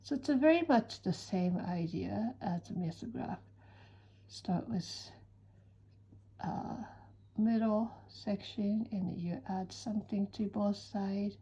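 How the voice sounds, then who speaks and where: A woman giving a calm step-by-step drawing tutorial, soft-spoken and often dropping to a near whisper. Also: mid-range voice, slow, breathy edge, lo-fi sound. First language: Japanese. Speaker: certified drawing-art teacher.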